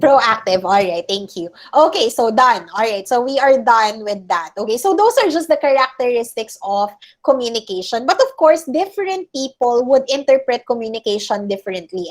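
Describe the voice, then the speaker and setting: A woman's voice: on the high side, a little mellow. A woman teacher with a Filipino accent, giving an online class lecture and often checking in with "okay?" and "all right?". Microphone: video call.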